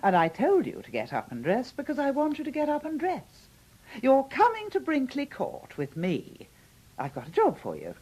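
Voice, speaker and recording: Aunt Dahlia, brusque and booming. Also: female voice, huge pitch swings, moderate pace, darkish tone, slightly rough, heavily acted. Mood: bossy. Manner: brusque, commanding, tart insults. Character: bossy, booming older aunt, fond but brusque. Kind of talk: radio comedy drama acting.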